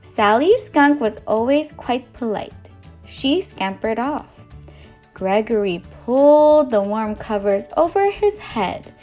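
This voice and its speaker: Expressive woman reading to young children. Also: on the high side, slow, soft background music. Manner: expressive, asks the children questions. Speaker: early years educator.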